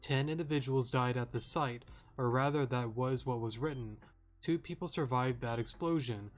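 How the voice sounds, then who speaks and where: A man reading aloud the lines of a remorseful young woman detective in a game, slow and earnest. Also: mid-range voice, soft background music, close to an everyday voice. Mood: solemn.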